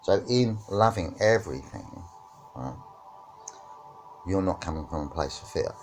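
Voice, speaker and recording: A man's voice: low-pitched, animated, unhurried, a little mellow, soft background music. A man teaching about witchcraft and spirituality in a reflective discussion, often checking in with "right?" and "yeah?".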